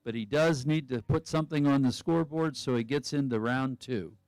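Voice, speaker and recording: A man's voice: medium pitch, fairly quick, darkish tone, no room sound. A man giving live sports commentary who chats and thinks aloud about each skier's options.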